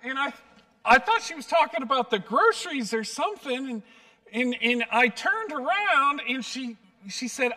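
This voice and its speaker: A man, a pastor, preaching a sermon and telling stories with gentle self-deprecating humor. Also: extremely high pitch, expressive, normal speed, far from the mic. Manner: warm storytelling, light self-deprecating humor.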